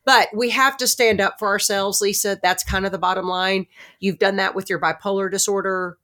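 A woman's voice: medium pitch, fairly quick. Outspoken New Jersey woman in her fifties. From Newark, New Jersey. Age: late 50s. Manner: outspoken, animated storyteller. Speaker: host. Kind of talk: casual podcast conversation.

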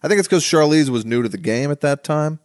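A man co-hosting a casual comedic podcast about movies, making dry, deadpan jokes. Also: a little high, quick pace, no echo. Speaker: podcast co-host.

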